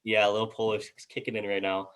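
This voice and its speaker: A man's voice: lowish voice, completely flat delivery, quick pace, fairly bright tone, clean tone. A man co-hosting a casual sports chat, reading out team records and stumbling over player names. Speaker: co-host.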